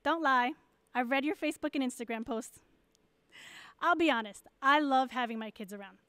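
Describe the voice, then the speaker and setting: Bright, clear-voiced woman speaking to moms. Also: sits high, moderate pace, no echo. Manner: warm, candid and encouraging. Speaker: pastor's wife. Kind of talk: church message.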